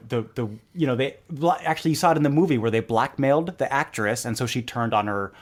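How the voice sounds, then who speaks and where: A man as a podcast guest, telling stories in a relaxed conversational way and acting out quoted lines. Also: medium pitch. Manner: animated, acts out quoted lines in a joke. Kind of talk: conversational storytelling.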